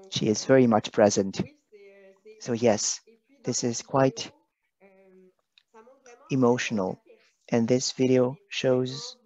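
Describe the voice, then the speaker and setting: Man, middle voice, emotional and halting; muffled call audio, soft music underneath. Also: mid-range voice. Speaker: guest presenter. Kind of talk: video call chat. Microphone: video call. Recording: dull lo-fi video call audio.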